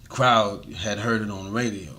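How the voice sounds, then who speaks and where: A man with a deep voice, a music artist telling stories in a casual interview, laid-back and full of slang and fillers. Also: steady tone, moderate pace, crowd noise. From USA. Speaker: interview guest, reggae and hip-hop artist.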